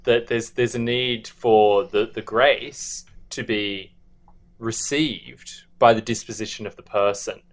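A man co-hosting a book-discussion podcast, speaking in a measured, thoughtful and halting way. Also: fairly low pitch, steady tone. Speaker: podcast co-host.

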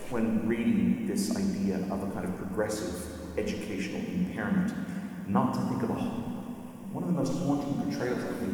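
A man giving a measured, reflective literature lecture, reading passages aloud. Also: lowish voice, a little mellow. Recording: echoey hall with long reverb.

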